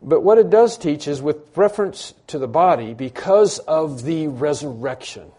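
A man's voice: fairly high pitch, lively intonation, moderate pace, dark tone, slightly rough. A man preaching a sermon to a congregation, emphatic and repetitive, acting out imagined dialogue. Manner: emphatic, repeats key phrases, acts out imagined dialogue. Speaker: pastor. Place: church room with congregation.

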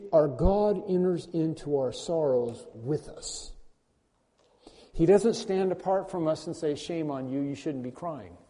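A male pastor preaching an earnest sermon, dropping to soft, tender passages and rising to loud, emphatic peaks. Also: a little high, big-room sound.

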